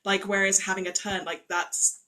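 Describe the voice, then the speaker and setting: A woman from England who speaks received pronunciation, telling stories as a livestream guest in a polite, measured way. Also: medium pitch, level tone, bright, forceful tone, rough recording. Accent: English received pronunciation. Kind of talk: casual chat. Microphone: webcam or phone mic on a livestream.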